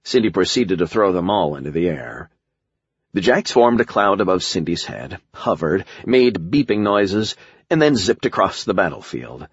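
A man's voice: deep voice, lively intonation, normal speed, husky, no room sound, lo-fi sound. A man reading a first-person action audiobook with a wry, sardonic manner. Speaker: audiobook narrator.

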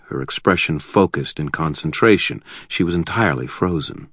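A man's voice: sits low, a bit bright, no echo. A man narrating a first-person fantasy audiobook in a wry, vivid manner with tense pacing, on a close studio mic.

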